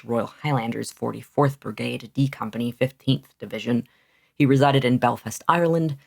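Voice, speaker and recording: Guy doing a casual history explainer, gravelly fry in his voice, lots of ums and restarts. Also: medium pitch. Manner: chatty, thinks aloud with fillers and restarts. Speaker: history channel host.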